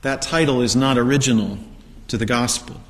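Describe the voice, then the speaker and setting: A man's voice: medium pitch, fairly quick. A man preaching a sermon, telling the story with rhetorical questions and acted-out quotes. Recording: long hall reverb.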